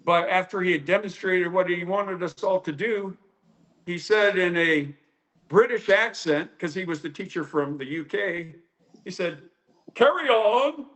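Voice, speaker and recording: A man with a fairly high voice tells old training stories in a loose, rambling way. He fills the gaps with "uh" and "you know" and acts out what others said. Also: measured pace, fairly bright tone. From United States. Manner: anecdotal, many fillers, acts out quotes. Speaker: karate instructor. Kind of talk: storytelling interview.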